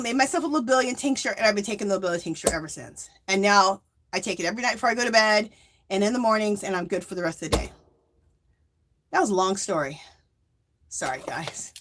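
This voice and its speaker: A middle-aged woman hosting a livestream, telling a rambling story in a casual, animated way. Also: medium pitch, slight background noise. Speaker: livestream host.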